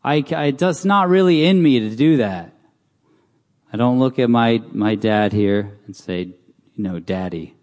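In a church hall with long reverb, a male preacher gives a casual, conversational sermon and often asks the congregation questions. His voice is medium-pitched, unhurried, and slightly mellow.

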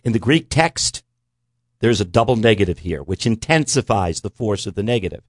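A man in a conversational Bible teaching talk, earnest and emphatic, slowing down to stress key words. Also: on the low side, expressive, no room sound, studio quality. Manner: earnest, emphatic preaching cadence with slow stresses.

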